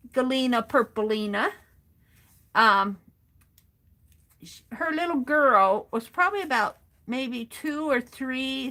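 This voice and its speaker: Middle-aged lady, slow easy pace, crafting on a livestream and reading chat out loud. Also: high voice. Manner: chatty, greets viewers by name, reads chat aloud. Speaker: art journaling livestream host. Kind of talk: casual chat while crafting.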